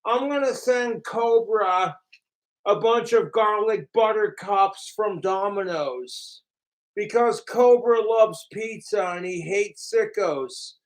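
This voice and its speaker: A man's voice: sits high, slow. A man streaming from home, ranting in a profane, mocking, rambling way. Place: home apartment.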